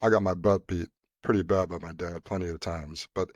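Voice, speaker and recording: A man co-hosting a podcast, telling stories in an animated way and chiming in with agreement. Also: deep voice, a little fast, no room sound. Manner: animated storyteller, frequent agreement sounds. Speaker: podcast co-host. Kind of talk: casual chat.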